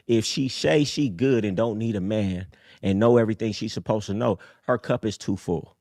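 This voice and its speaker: A man in his thirties hosts a live call-in show with a low voice and a streetwise, preachy delivery. He drops to quiet mutters, then jumps up high to hammer a point home. The sound is dry and close, with no room around it. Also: normal speed, no room sound. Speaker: host. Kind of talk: casual livestream talk.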